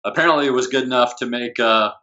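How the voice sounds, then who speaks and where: A middle-aged man, a podcast guest, telling a story in a halting way, full of fillers. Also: medium pitch, pushed and bright, highs cut off. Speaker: guest, former squad member. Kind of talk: casual chat, storytelling.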